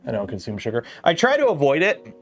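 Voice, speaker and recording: This livestream host from Canada speaks quickly at a medium pitch, his voice swinging wildly up and down. He keeps up a rambling, filler-packed chat, heavy on "like" and "uh," as he works at his bench.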